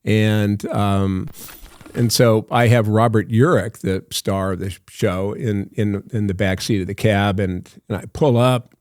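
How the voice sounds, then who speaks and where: A man's voice: lowish voice, steady tone, unhurried, a little mellow, dry recording. An older man, an actor guest on a podcast, telling long anecdotes full of fillers and laughs. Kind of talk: storytelling in a podcast interview.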